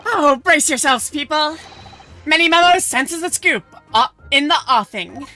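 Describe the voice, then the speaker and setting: A woman's voice: high-pitched, expressive, measured pace, voice pushed up, exaggerated voice. A woman voicing a brash, pompous male newspaper reporter from a game, reading the lines aloud over game music. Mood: boastful. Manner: showy, headline-shouting delivery.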